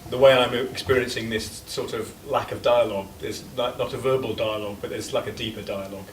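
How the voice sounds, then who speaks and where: A man thanking a speaker in a hesitant, halting way, full of fillers. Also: medium pitch, fairly even intonation. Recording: echoey, distant room mic with noise.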